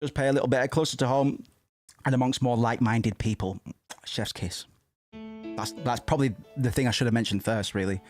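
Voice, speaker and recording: A man's voice: mid-range voice, fairly even intonation, brisk, faint music behind. A man giving casual, irreverent and jokey commentary while streaming a video game. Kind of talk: casual let's-play commentary.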